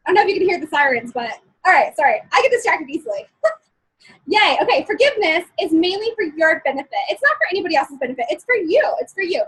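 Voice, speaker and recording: Very high-voiced upbeat woman coach. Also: big pitch swings, quick pace, fairly bright tone, poor audio. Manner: chatty and upbeat, often checking in with listeners; laughs often between points. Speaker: motivational speaker. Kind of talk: live-streamed motivational talk.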